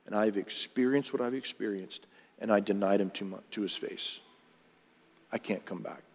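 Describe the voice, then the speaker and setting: A man voicing a grown fisherman disciple torn by fear, sometimes raised and emphatic, sometimes hushed and broken, with a long hall reverb behind him. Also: fairly high pitch, animated, a little slow. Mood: despairing.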